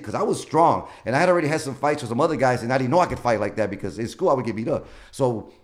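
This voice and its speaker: Fast-talking man telling rough stories. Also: mid-range voice, expressive. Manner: profane, rambling storyteller. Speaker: comedian guest. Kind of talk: casual storytelling interview.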